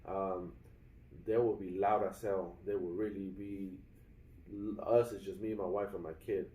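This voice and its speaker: A man's voice: low voice, little pitch movement, measured pace, mellow, echoey room, distant mic, rough recording. A young adult man vlogging casually about a bad hotel stay, rambling with many fillers and restarts and calling his viewers guys. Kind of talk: casual vlog complaint. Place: hotel room.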